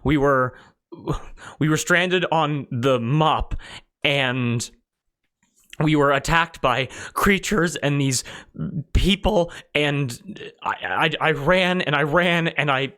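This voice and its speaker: A man's voice: a little high, sharp tone, clear, resonant tone. Guy doing a shaky older elf lady, stammering through tears. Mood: tearful. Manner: halting, breath catching, voice breaking. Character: tearful older elven woman, frightened and relieved.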